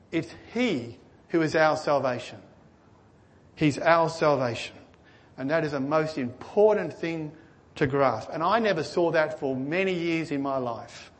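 A man preaching a sermon, earnestly asking his listeners questions and swinging between excited and hushed delivery. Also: on the high side. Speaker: pastor.

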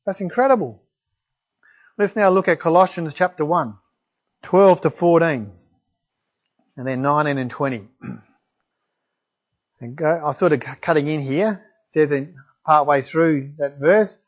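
Aussie guy preaching, high voice, reads bible verses and gets excited, dull lo-fi sound. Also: moderate pace, pauses often. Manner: enthusiastic, exclaims in wonder. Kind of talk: sermon with scripture reading. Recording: dull lo-fi recording.

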